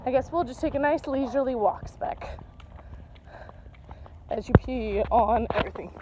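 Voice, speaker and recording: A woman's voice: fairly high pitch, normal speed, very noisy. A woman walking her dogs outdoors and filming on a handheld camera, chatting to them in a playful, sing-song baby-talk. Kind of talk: casual chat to her pets while filming. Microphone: handheld camera or phone.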